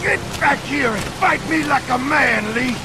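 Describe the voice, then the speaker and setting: An actor playing an unhinged young male farmhand who shouts crude taunts at a rival. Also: extremely high pitch, animated, unhurried. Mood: furious taunting. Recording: noisy game audio.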